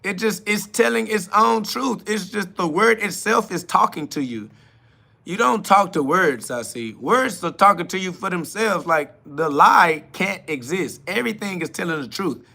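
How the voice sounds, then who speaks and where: Podcast host, male, bright slightly high voice, blunt and mocking, laughs at his chat. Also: expressive, moderate pace, vocal fry. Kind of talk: live solo podcast answering chat questions.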